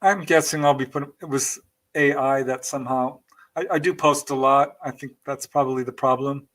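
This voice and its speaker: A man's voice: medium pitch, fairly even intonation, fairly quick, a bit bright. A man hosting a live-stream show, reading out viewer comments in a chatty, thankful way and laughing between them. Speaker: podcast host.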